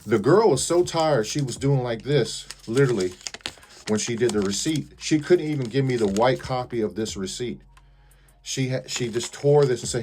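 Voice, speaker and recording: A man's voice: medium pitch, moderate pace, a little mellow, a little hiss or hum. Indignant man airing a grievance. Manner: indignant, repeats pointed questions. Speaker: vlogger. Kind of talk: complaint video to viewers.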